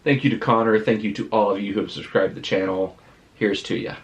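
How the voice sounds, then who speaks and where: A man's voice: on the low side, fairly even intonation, quick pace, slightly rough. A man chatting casually as a vlogger in a rambling, self-deprecating way. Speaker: vlogger and live streamer. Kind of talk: casual vlog chat.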